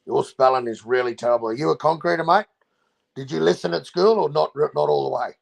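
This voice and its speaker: A man's voice: a little high, brisk, gravelly. An Australian man hosting his livestream in casual chat, joking loosely and swearing as he goes. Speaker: livestream host.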